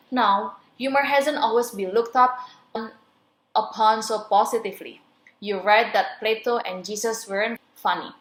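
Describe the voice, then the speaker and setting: A woman's voice: a little high, steady tone, moderate pace. A young adult woman, a student, reading a radio interview script aloud with careful pacing and small slips. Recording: roomy echo.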